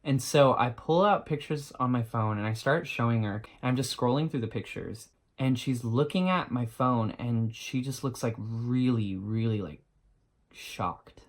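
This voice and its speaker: A young adult man telling an embarrassing story on his vlog, animated and self-mocking, swearing freely. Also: medium pitch, a little slow. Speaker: vlogger.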